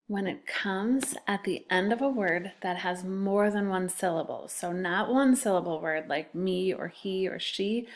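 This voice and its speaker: A woman teacher speaks slowly and patiently to young children, stretching out each syllable. She spells words letter by letter in a gentle, unhurried lesson voice. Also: medium pitch. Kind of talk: recorded classroom phonics lesson.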